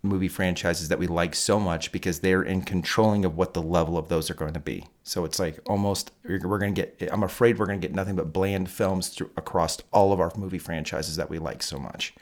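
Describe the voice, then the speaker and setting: A man co-hosting a casual podcast, ranting loudly and crudely about movie franchises. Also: low voice, steady tone, brisk, few pauses. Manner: loud, heated, crude ranting. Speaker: podcast co-host.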